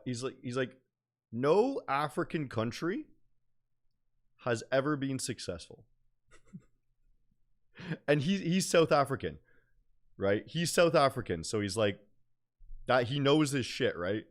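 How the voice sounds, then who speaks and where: A young man talks through trades in a loose, rambling stream of chat, full of fillers and slang. His voice sits at an ordinary middle pitch. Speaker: day trading streamer. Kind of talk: casual livestream chat.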